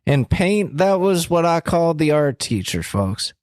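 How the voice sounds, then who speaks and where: A man's voice: fairly high pitch, big pitch swings, a little mellow, no echo, clean studio sound. A man doing a stammering old politician. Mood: rambling. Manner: halting, repeats words, folksy asides. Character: stammering, rambling elderly male politician.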